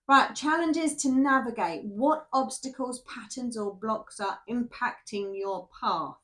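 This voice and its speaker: A woman's voice: on the high side, lively intonation, normal speed, a bit bright. A woman giving a casual tarot reading to camera, chatty and rambling, who keeps checking in with "yeah?". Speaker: tarot reader.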